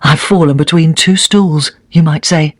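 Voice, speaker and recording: A man reading the part of a weary, resigned middle-aged former secret police officer, in a quiet, subdued way. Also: fairly high pitch, fairly even intonation, unhurried, no room sound, clean studio sound. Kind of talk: reading a memoir aloud.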